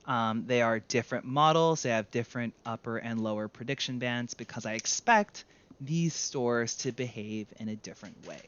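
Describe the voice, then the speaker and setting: Male instructor, conversational screen-share teacher, smooth voice, dry slightly muffled close mic. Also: medium pitch, normal speed. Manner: conversational, self-correcting, lively. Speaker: data instructor.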